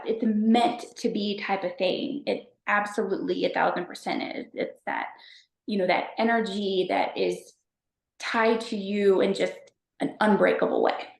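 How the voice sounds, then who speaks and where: A woman from Texas, a podcast guest telling stories in a chatty, animated way, full of fillers. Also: medium pitch, creaky, roomy sound. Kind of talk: casual storytelling chat.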